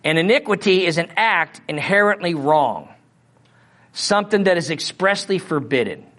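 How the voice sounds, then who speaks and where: A middle-aged man with a Missouri accent teaches a Bible lesson to a small group. His voice sits a little high for a man. He keeps it conversational and keeps checking in with his listeners. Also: animated, normal speed, a bit bright. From Missouri, USA. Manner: conversational, asks the audience questions. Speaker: preacher.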